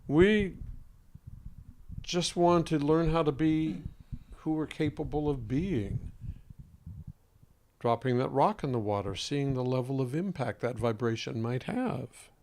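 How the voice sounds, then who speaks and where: A man working as a voice coach, speaking to an interviewer in a deliberate, emphatic way with pointed pauses and a singer's trained voice. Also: mid-range voice, darkish tone.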